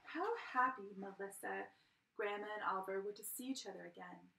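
Woman teacher reading a kids story, lively, echoey room. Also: medium pitch, moderate pace, gravelly, noisy background. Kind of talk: children's story read-aloud. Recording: roomy, from a distance.

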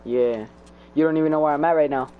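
A man's voice: on the high side, steady tone, quick pace, narrow, tinny audio, slight background noise. A young man giving casual gameplay commentary while he streams, laughing often and trash-talking playfully. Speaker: gamer streaming his play.

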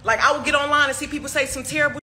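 A woman's voice: high voice, fairly even intonation, rapid-fire, sharp tone, faint music behind. A young woman in a heated, profane livestream rant, firing off rhetorical questions. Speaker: artist speaking to fans.

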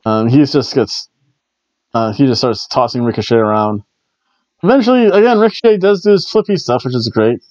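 A man's voice: mid-range voice, lively intonation, moderate pace, darkish tone, dry recording, lo-fi sound. A man hosting a casual wrestling review show, rambling with jokey asides. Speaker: wrestling review podcast host. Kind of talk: casual recap commentary.

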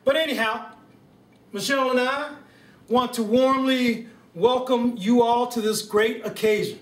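A man doing a comic impression of a US president at home, giving a drawn-out formal welcome speech with deliberate stumbles. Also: extremely high pitch. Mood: stately. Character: male US president impression, stately and slow. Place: home living room. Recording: roomy room sound from a distant camera.

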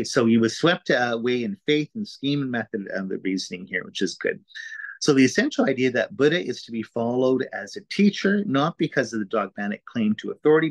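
A man's voice: mid-range voice, dry recording, low-quality recording. A man teaching an introductory course in a casual, explanatory lecture style, talking informally with frequent "uh"s and "right?"s.

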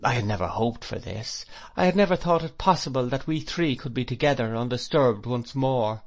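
A man with a mid-range voice narrates a classic novel as an audiobook, reading in a measured, even storytelling style.

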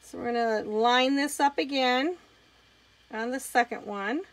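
A woman's voice: on the high side, measured pace. A woman hosting a live craft demonstration, chatting casually as she talks through each step of her work.

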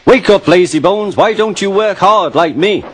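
A man's voice: normal speed, background noise, close to an everyday voice. A man putting on a cheeky little tank engine. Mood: cheeky taunting. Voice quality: high, cheeky. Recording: loud music behind.

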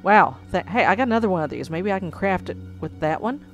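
A woman's voice: on the low side, lively intonation, fast, dull audio. A woman playing a computer game and commenting as she goes, getting exasperated and swearing, then trying to keep it clean. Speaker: gamer. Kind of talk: let's play commentary. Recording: music under the voice. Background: background music.

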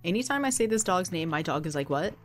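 A woman's voice: mid-range voice, sing-song, normal speed. A woman giving casual, chatty gameplay commentary, giggling often and talking to the game's characters, a little sniffly from a runny nose. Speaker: let's play gamer. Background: faint game music.

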